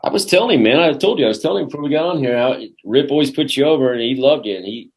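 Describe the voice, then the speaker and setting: A man's voice: mid-range voice, animated, racing. A man hosting a casual interview, prodding his guests for stories and laughing often. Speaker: podcast host.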